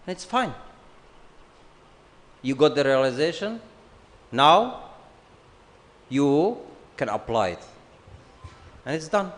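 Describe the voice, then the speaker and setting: A man giving an unhurried, joking scripture class, acting out bits of family dialogue. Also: on the high side, very animated, fairly bright tone. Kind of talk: sermon. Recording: long hall reverb.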